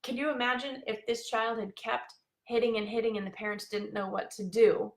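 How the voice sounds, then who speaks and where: Bubbly chatty woman coach with vocal fry. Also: a little high, little pitch movement, fairly quick. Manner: bubbly, chatty, many fillers. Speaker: life coach. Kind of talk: live-streamed coaching talk.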